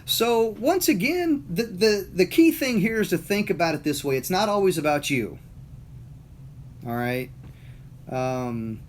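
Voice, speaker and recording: Folksy, fairly high-voiced man in his fifties. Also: slight background noise. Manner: relaxed, folksy, with fillers. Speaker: motivational vlogger. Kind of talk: casual motivational livestream talk.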